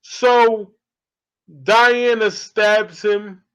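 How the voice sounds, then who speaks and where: A man in his thirties casually recapping a horror movie as an excitable, laughing storyteller, in a dull lo-fi recording. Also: high voice, very slow, clean tone. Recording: dull lo-fi audio.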